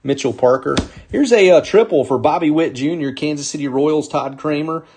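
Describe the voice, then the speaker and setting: A man's voice: a little high, normal speed, a little mellow, slight background noise. A man hosting a live sports card break, upbeat as he calls out players and teams while opening packs.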